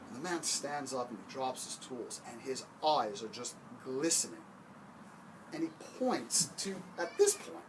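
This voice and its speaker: A man's voice: medium pitch, sing-song, normal speed, noisy background. A man giving a motivational talk about hiring, emphatic and punchy, telling stories.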